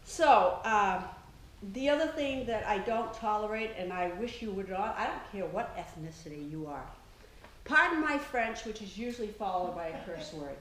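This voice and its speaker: A woman's voice: mid-range voice, lively intonation, normal speed, a bit bright. An older woman, an author, telling chatty family stories to an audience and laughing often. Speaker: author giving a talk. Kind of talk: storytelling talk to an audience. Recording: echoey room with faint noise.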